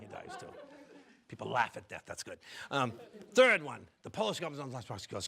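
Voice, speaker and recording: A man's voice: medium pitch, big pitch swings, fast talker, creaky, bright, forceful tone, husky. An older man doing a stand-up comedy set, telling jokes in a rambling, stumbling, chatty way.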